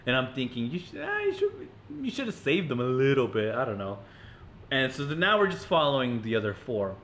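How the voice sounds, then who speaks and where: A man co-hosting a podcast, retelling a horror movie in casual, animated chat with frequent swearing and laughter. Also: mid-range voice, fairly quick, a little hiss or hum. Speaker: podcast co-host.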